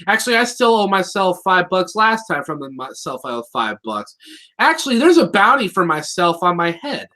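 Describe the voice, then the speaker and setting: A co-host with a bright, forceful tone and mid-range pitch talks in a loose, rambling way. The jokes come thick, and the words often stumble and restart mid-sentence. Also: sing-song, moderate pace. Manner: rambling, joking, trips over words and restarts. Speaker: co-host of a cartoon review show. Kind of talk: casual review chat.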